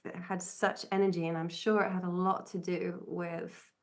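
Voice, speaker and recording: A woman's voice: fairly low pitch, little pitch movement, moderate pace. A woman co-hosting a podcast, telling a personal story in an earnest, searching way that often stops and restarts. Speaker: podcast co-host. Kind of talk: reflective conversational storytelling.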